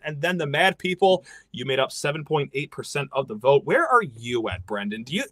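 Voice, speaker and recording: A man hosting a casual sports podcast, talking in an animated way and rattling through lists fast. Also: mid-range voice, no room sound. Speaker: podcast host.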